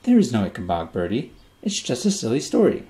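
A kind, reassuring mother from a storybook speaks softly and soothingly to her little son in the night, voiced by a man narrating. The tone is warm and dark, never rising into alarm, steady and comforting. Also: medium pitch, fairly quick, echoey room. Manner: soft, soothing bedtime tone.

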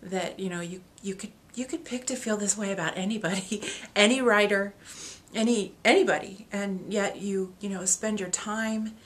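A woman's voice: medium pitch, steady tone, normal speed, hardly any pauses. A woman talking to her readers on video, emotional and gushing, who laughs and gets choked up as she opens gifts. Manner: reads a letter aloud. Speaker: author opening reader gifts.

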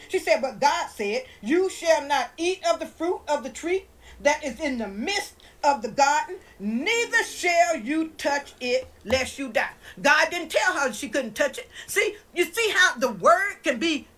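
A high-pitched woman preaches with great feeling and a lively, swooping voice. She reads scripture aloud and keeps putting questions to her listeners before answering them herself. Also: low-quality recording. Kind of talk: informal sermon, reading scripture.

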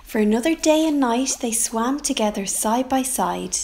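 A woman reading a children's picture book aloud for a library storytime, with expressive sound effects. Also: a little high, normal speed, slight background noise.

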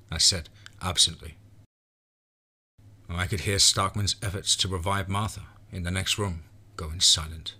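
A man reading a first-person horror story in a measured, low-key way. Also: fairly even intonation, bright, forceful tone, breathy edge.

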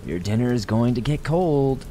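A man's voice: medium pitch, expressive, moderate pace, dark tone, a little hiss or hum, voice pushed up, natural voice. A man voicing a sinister, falsely sweet male stuffed toy rabbit with a wheezing sing-song menace in a horror story.

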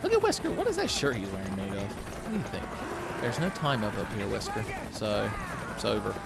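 A man giving casual, profane, joking commentary over his own gameplay, rambling and breaking into loud exclamations. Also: fairly low pitch, wildly swooping pitch, moderate pace, vocal fry, heavy background noise. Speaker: let's play commentator. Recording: game music behind the voice.

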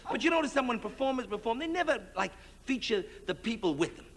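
Brash comedian guy rattling off jokes quick, high and animated, old tv variety show. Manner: brash, rapid patter with mock accents. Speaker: stand-up comedian. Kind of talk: nightclub stand-up routine.

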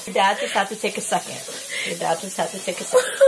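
A mother soothing her daughter after surgery, laughing and teasing gently while keeping the gauze in place. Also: mid-range voice, fast, creaky. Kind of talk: casual family chat. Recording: loud background hiss.

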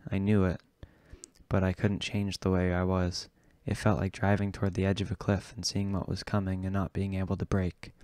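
A man reading a novel aloud in a steady, low-key way. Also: clean tone, no echo, studio quality. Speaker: audiobook reader.

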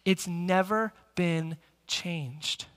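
A male pastor preaching a sermon, energetic and speaking directly to the congregation in a church sanctuary. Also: high voice, very slow. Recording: long church hall reverb.

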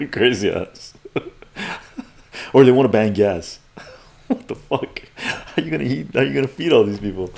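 Male streamer, low gravelly voice, sarcastic profane rants while reading chat. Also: darkish tone. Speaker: livestream host reading viewer chat. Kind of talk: ranting livestream commentary.

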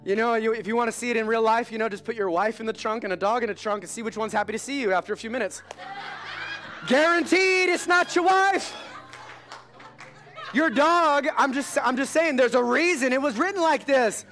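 A male pastor preaching a sermon in an animated, conversational, joking manner during a church service. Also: very high-pitched, brisk.

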